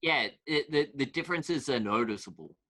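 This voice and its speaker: A man's voice: medium pitch, animated, normal speed, a bit bright. A man co-hosting a podcast, recapping scenes in casual chat and answering with short agreements. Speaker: podcast co-host.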